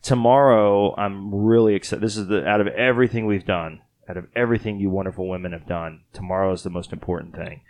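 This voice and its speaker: Man from Texas, podcast host, very low voice, rambling jokey chat, tired. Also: steady tone, quick pace, few pauses, darkish tone. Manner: rambling, joking, self-mocking. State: tired after a late night. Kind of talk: casual chat.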